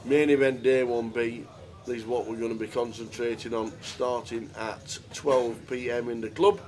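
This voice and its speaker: A man's voice: medium pitch, fairly even intonation, normal speed, darkish tone. A man doing live poker commentary, chatty and jokey, with rambling asides. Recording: crowd chatter of a live card room.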